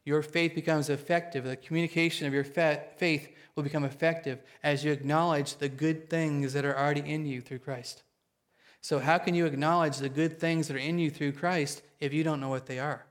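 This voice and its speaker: A man preaching a sermon to his congregation, excitable and quick, often checking in with them. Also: on the high side. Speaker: pastor.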